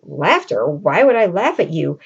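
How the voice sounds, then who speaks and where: A woman's voice: low-pitched, sing-song, unhurried, gravelly, husky, dull audio, pitched below the performer's own voice, heavily acted. A woman voicing Roxanne, a romantic young noblewoman who asks puzzled, searching questions.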